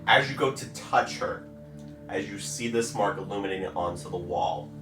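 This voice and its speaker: A man narrating a tabletop game as game master, with slow, drawn-out storytelling. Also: on the low side. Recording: roomy, far from the mic, music behind.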